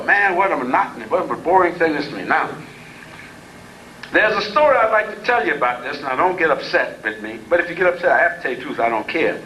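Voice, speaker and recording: High, bright-voiced folksy lecturer man. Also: expressive, quick pace, reverberant, a little hiss or hum, poor audio. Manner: folksy, digressive, humorous. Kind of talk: storytelling lecture.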